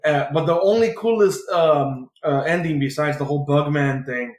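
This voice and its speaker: His voice is a little high and his pace moderate as this man, a podcast co-host, casually recaps a comic book. He wanders, fills the talk with filler words, and swears freely, all in a roomy, echoey room.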